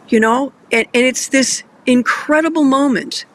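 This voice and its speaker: A man's voice: very high voice, a little slow, hardly any pauses, fairly bright tone. A man hosting a Christian discussion show, telling Bible stories earnestly and getting emotional.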